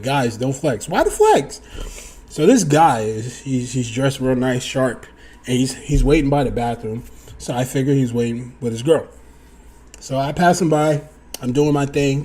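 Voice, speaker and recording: A young vlogger tells his viewers a casual story in an animated way, swearing freely and voicing the other people in high-pitched voices.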